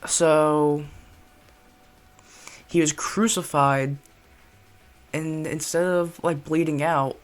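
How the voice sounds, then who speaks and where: A man narrating his own playthrough of a game in a loose, chatty way. He reacts quickly and keeps the talk offhand between the scripted lines. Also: on the high side, fairly even intonation, clean tone. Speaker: let's play gamer. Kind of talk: casual gameplay commentary.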